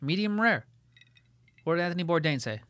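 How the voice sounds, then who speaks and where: A young man co-hosting a podcast, ranting in an animated way and swearing heavily in casual banter. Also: on the high side, fairly quick, no room sound. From Italian-American family. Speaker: podcast co-host.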